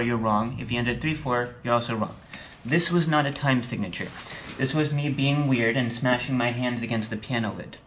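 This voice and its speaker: A man teaching music theory from a room with a piano, in a voice of middling pitch. He explains patiently, checks in often with "okay?", and drops in bits of dry humor. A faint hiss of noise sits under the recording. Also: fairly bright tone. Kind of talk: online lesson.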